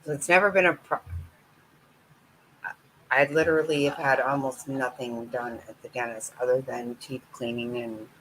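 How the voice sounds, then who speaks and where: A woman's voice: extremely low pitch, steady tone, moderate pace, fairly bright tone, slight background noise, low-quality recording. A middle-aged woman talking bluntly and candidly with her viewers in a casual live-stream chat. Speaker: vlogger chatting with viewers.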